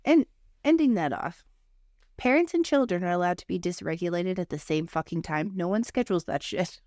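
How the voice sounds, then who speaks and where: A woman's voice: lowish voice, lively intonation, brisk, a little mellow, no echo, clean studio sound. A woman and mother co-hosting a podcast, chatting casually in a rambling way full of fillers. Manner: rambling, filler-heavy talk. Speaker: podcast co-host. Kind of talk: casual chat.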